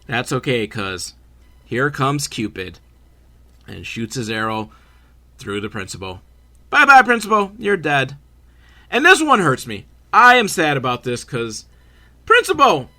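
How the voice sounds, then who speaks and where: Man, podcast host, lively pitch, bright voice, sarcastic, swears, casual movie recap. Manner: sarcastic, swears, animated asides.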